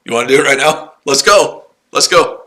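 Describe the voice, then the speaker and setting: Bright-voiced man in his forties. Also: medium pitch, lively intonation, normal speed. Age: 40s. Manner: combative, taunting, repetitive. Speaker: livestream host. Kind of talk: casual livestream banter.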